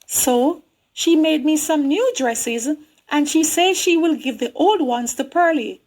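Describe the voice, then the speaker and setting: A woman's voice: sits high, unhurried, a little mellow, rough recording. A woman reading a short story aloud, telling it in a young girl's chatty, childlike first-person voice. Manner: childlike storytelling, voicing a young girl narrator. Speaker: reader.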